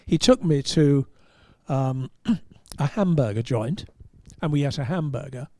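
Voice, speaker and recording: A man's voice: medium pitch, a little slow, dark tone, dry recording. An English man, a motorsport journalist, telling a chatty, self-deprecating story with laughter. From England. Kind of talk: storytelling anecdote.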